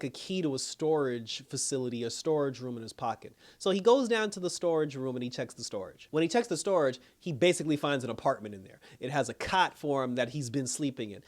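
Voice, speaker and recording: Brief: a man reviewer, quick casual delivery, lively storytelling with acted-out lines. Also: medium pitch. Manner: animated retelling, acts out quotes, laughs often. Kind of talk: casual recap.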